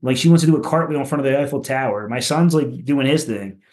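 A man from Philadelphia chats as a podcast guest in a loose, profane way. He pads his talk with "like" and "you know", and his voice climbs higher when a story gets funny. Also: fast. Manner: animated, goes higher when telling funny bits. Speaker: punk rock musician guest.

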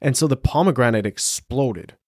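Young man, podcast co-host, crude, animated storyteller, mid-range voice, dry close sound. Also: medium pitch, normal speed, no echo. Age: 20s. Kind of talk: casual chat.

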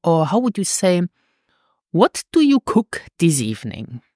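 A woman teaching a language lesson, patiently repeating words slowly for pronunciation. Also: lowish voice, big pitch swings, warm tone, breathy edge, no room sound, studio quality.

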